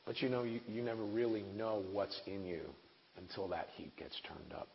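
In a dull, lo-fi recording from an echoing hall with a faint hiss, a preacher and missionary in his forties talks through a sermon with earnest, conversational warmth and wry asides. His voice is fairly low and creaky, at a normal speed.

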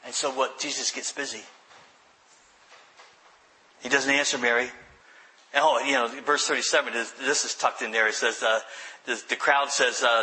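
A man preaching a sermon, explaining scripture earnestly, often restarting phrases and sinking to quiet emphasis. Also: mid-range voice, fairly even intonation, moderate pace, long pauses, rough recording. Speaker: pastor.

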